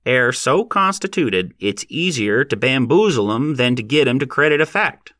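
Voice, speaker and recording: A man's voice: mid-range voice, sing-song, moderate pace, fairly bright tone, dry recording, studio quality, voice pushed up. A man voicing a shrewd older horse trader with a nasal voice and curt replies.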